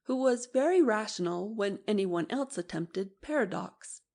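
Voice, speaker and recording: A woman narrating an audiobook, reading the story's narration calmly. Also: medium pitch, a little slow.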